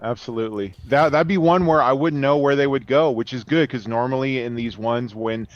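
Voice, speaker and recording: A man's voice: mid-range voice, brisk. A man co-hosting a podcast in casual chat, laid-back and agreeable. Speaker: podcast co-host. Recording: dry, dull lo-fi sound.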